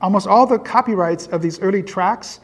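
A high-voiced man in his fifties from Iowa gives a lecture and wanders off into personal asides. He mocks his own younger mistakes with easy humor. His voice carries a long reverb from a large hall. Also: moderate pace. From Iowa, USA. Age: 50s. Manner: self-deprecating, digressive storyteller. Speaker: guest lecturer. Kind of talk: public lecture with personal anecdotes.

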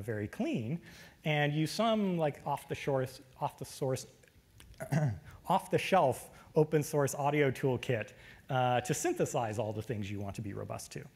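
A man giving a technical lecture, relaxed, with frequent fillers. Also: mid-range voice, unhurried, slightly rough.

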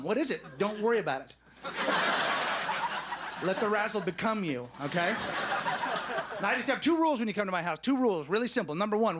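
High-voiced animated male comedian. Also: noisy background. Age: 30s. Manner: animated, emphatic storytelling with punchy asides. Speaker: stand-up comedian. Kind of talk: stand-up comedy set. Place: studio stage before a live audience.

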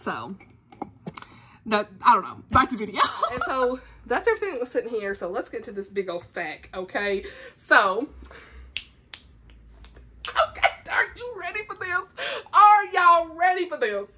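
Chatty Southern woman, bright voice. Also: on the high side, very animated, measured pace, long pauses, a little hiss or hum. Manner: chatty, laughs often, says y'all. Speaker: book vlogger. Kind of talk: casual book haul vlog.

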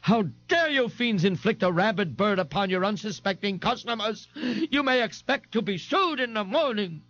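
Male reader doing a high, pompous blowhard, indignant and grandiose, lo-fi. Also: animated, normal speed, a bit bright. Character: pompous bellowing huge eccentric man. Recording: dull lo-fi tape.

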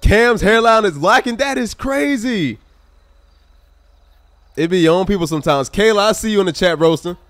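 A man's voice: high voice, animated, moderate pace, long pauses, a bit bright, dry recording. A man livestreaming a police game, joking around and thanking viewers in the chat. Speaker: gaming livestreamer. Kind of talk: live game commentary and chat shout-outs.

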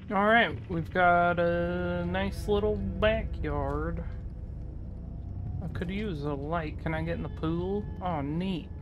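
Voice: medium pitch, steady tone, slow, lo-fi sound, music in the background. A gaming channel host talking through a horror game playthrough, chattering nervously and breaking into panicked yelps.

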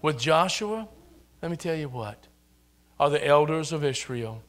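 An older pastor preaches from the pulpit, his voice bright and edged. He sits a little high for a man and often climbs into ringing, repeated appeals to his church. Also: animated, a little slow. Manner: preaching with rising, repeated exhortations. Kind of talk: sermon. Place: church sanctuary.

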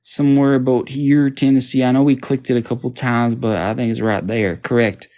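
A man's voice: steady tone, a little fast, mellow. Young Australian man thinking aloud. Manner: thinks aloud, frustrated, jumps to high exclamations. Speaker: vlogger playing a map quiz. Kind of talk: casual gaming commentary.

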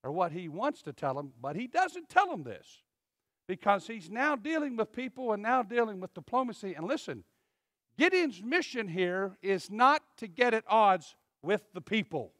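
A male pastor delivering a sermon in an emphatic way, swinging from loud to hushed. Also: sits high, very animated, moderate pace, dry recording, studio quality. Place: church.

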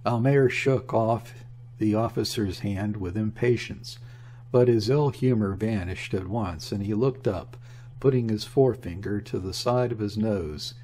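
A man narrating a classic novel in a steady, measured reading. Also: fairly low pitch, a little hiss or hum. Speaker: audiobook narrator. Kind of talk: scripted narration.

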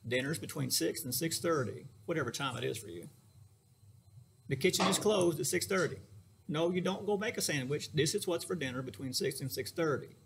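A man's voice: on the high side, animated, brisk, vocal fry, few pauses, a little hiss or hum. A middle-aged man, a therapist, giving a casual lecture in a folksy, joking way, speaking straight to his listeners.

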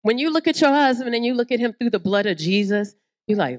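Southern woman, guest preacher, lively sermon, playful voices, slightly high pitch. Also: normal speed. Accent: Southern American. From American South. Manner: animated, acts out voices, swoops in pitch. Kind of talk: lively sermon at a women's conference.

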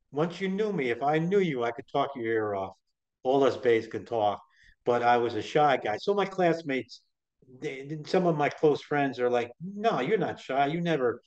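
A middle-aged man guesting on an interview, telling his story in a chatty, rambling way with lots of restarts. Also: mid-range voice. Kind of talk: casual storytelling. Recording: dull lo-fi sound.

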